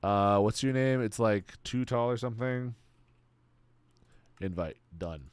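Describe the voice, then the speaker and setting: A man's voice: lowish voice, a little slow, clean tone, no room sound. A man casually chatting with viewers while streaming a game, laid-back and swearing freely. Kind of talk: casual livestream chat.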